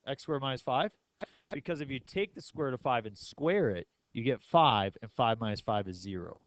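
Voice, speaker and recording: A man teaching a math class in a relaxed, joking way, tossing questions to his students. His voice sits at an ordinary middle pitch. The sound is dry and close, with no echo. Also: normal speed. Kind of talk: classroom lecture.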